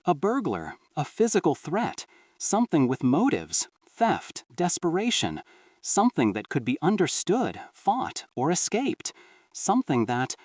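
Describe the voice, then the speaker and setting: Man narrating a horror story, expressive. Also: mid-range voice, no room sound, studio quality, far from the mic. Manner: dramatic, expressive reading.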